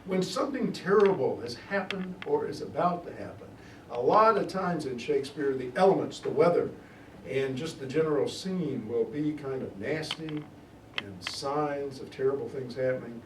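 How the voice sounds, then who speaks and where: A man's voice: mid-range voice, normal speed. Middle-aged guy tutoring, reads lines out big then explains, sounds far off in a roomy class. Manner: animated reader, stretching key words, explaining in plain asides. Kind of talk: reading and explaining Shakespeare aloud. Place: classroom in a church tutoring program. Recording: echoey room, distant mic, faint noise.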